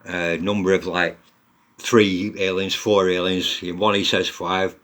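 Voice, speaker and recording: A man's voice: low-pitched, flat delivery, a little slow, a bit bright. A man giving blunt, mocking commentary on online posts, swearing a lot as he goes.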